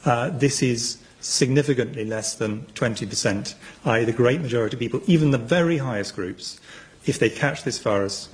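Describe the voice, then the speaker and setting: A man explains figures in an earnest, measured way, his voice sitting at a middling pitch. He stays steady and careful as he lays out his point. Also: poor audio.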